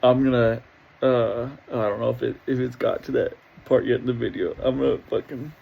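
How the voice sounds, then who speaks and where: A man's voice: medium pitch, fairly even intonation, fairly quick, creaky, slightly rough, phone-quality sound. A middle-aged man hosting a casual reaction video, talking in a profane, rambling way and laughing often.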